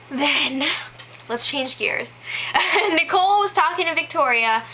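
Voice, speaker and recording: Chatty woman recapping stuff, bright kinda high voice, lots of likes and little laughs, faint hiss behind. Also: poor audio. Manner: chatty, many "like" fillers, laughs between quotes. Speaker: show recap host. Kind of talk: casual spoken recap.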